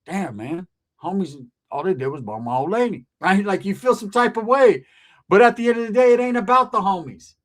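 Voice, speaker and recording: 说话直率粗口多的男解说者，声音偏高. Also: male voice, high voice. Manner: blunt, profane street talk. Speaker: commentary channel host. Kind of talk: casual commentary monologue.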